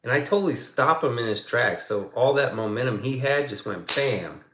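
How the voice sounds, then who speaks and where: A man's voice: medium pitch, lively intonation, normal speed, fairly bright tone, echoey room, a little hiss or hum. A man chatting casually on his livestream, swearing a lot and rambling through stories. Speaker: streamer.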